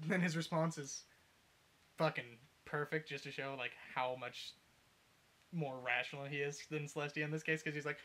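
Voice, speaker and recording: A young man casually retelling a fan story, rambling and swearing, sometimes shouting out the characters' lines. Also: a little high, expressive, unhurried, pauses often. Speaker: podcast co-host retelling a fanfic. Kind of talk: casual chat, uncensored storytelling.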